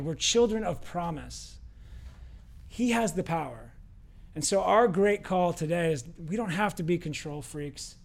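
A man, a pastor with young kids, preaching a casual, animated sermon and acting out the lines of the people in his stories. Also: sits high. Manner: conversational, animated storytelling with acted quotes.

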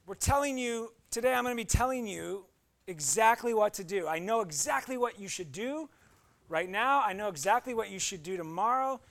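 Male pastor, high voice, animated conversational sermon style with playful asides. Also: normal speed.

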